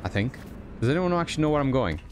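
A man's voice: medium pitch, sing-song, fast talker, slight background noise. A man streaming a stealth game from his home setup, joking and swearing as he talks to his chat. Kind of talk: casual live-stream commentary. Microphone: desk condenser microphone.

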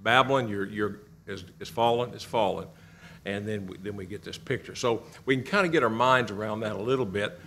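A middle-aged man from Kentucky teaching a church Bible class, asking the class questions and repeating their answers with animated emphasis. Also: fairly low pitch, a little fast, slight background noise.

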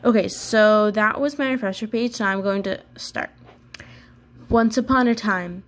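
A woman's voice: medium pitch, a little slow. A woman reads a children's novel aloud in a casual, unpolished way. She adds chatty asides and corrects her small slips as she goes. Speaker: book reader.

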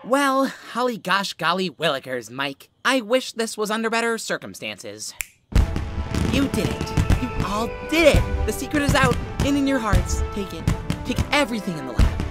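A woman voicing an eager female scientist test tube in a cartoon, chattering fast with old-fashioned exclamations over background music. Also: mid-range voice, very animated, natural voice. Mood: heartfelt. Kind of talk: cartoon voice acting.

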